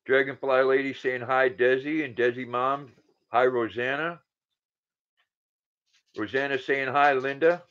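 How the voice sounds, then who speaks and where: Man in his 60s, livestream host, casual chat, reads viewer comments aloud, mid-pitched voice, dull lo-fi audio. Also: steady tone, a little slow, long pauses, a bit bright. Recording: dull lo-fi sound.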